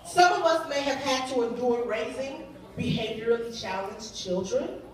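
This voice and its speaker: High-voiced woman preaching in echoey hall. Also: normal speed, far from the mic, crowd noise. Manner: lively, humorous, leads congregation in repetition. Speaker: youth day speaker. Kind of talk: sermon with call and response. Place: church sanctuary.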